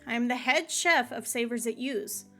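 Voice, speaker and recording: A woman's voice: on the high side, moderate pace, sharp tone, faint music behind. A woman reading the lines of a demanding head chef aloud from a game, in her own voice. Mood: stern.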